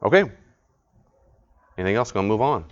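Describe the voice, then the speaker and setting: A man's voice: on the low side, lively intonation, brisk. A man leading a live study group, teaching in a conversational way, often repeating himself and putting questions to the group. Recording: dull lo-fi live recording.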